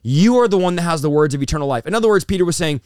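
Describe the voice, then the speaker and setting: A man's voice: a little high, expressive, racing, darkish tone, clean tone, no room sound, clean studio sound. A young adult man, a pastor, giving an emotional testimony in an interview, intense and vivid as he acts out what was said. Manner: intense, storytelling with acted-out quotes. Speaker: pastor and guest.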